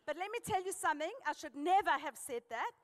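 A South African woman preaching a sermon, telling a personal story with lively, emphatic exhortation. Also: very high voice, fast talker, in a large hall.

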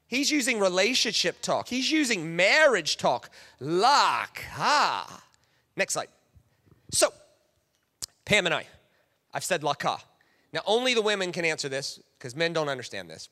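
A man preaching a sermon, animated and playful, acting out quoted voices and often restarting his sentences. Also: high-pitched. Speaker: pastor. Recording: reverberant hall.

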